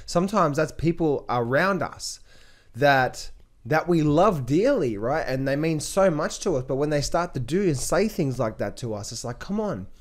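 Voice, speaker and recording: Rambling, energetic male trading coach. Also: a little high. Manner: rambling, repetitive, lots of fillers and restarts; energetic, motivational. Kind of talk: casual talk-to-camera.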